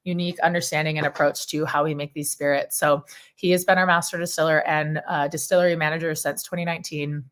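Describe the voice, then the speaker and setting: Enthusiastic woman presenting a seminar, lowish voice. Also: a bit bright. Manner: enthusiastic and chatty, with frequent ums. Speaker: whiskey brand ambassador giving a presentation.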